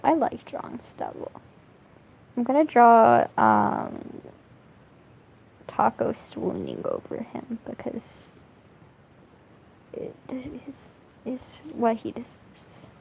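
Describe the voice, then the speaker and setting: A woman's voice: fairly high pitch, slow, creaky, pauses often, darkish tone, rough recording. A young woman chatting casually while drawing on stream, rambling and swearing, laughing often. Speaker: streamer drawing fan art.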